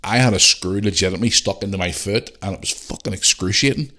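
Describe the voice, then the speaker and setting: A man in his forties with a low, deep voice tells a story on his podcast. He swears often and throws himself into the voices of the people in his tale. His delivery is casual and animated. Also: fast talker. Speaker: podcast host.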